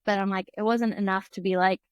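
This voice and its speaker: A woman's voice: mid-range voice, fairly even intonation, fast talker, clean tone, dry recording, dull audio. A woman in her twenties, a podcast guest chatting casually and often saying "like". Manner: chatty, fills speech with "like". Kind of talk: casual chat.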